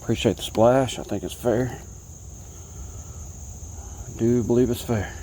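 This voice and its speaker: A man from Alabama, chatting to the camera from a kayak and talking excitedly to the fish he catches. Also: mid-range voice, a little slow, a little hiss or hum. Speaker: fishing vlogger. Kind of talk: casual talk to camera while fishing. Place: kayak on a creek outdoors.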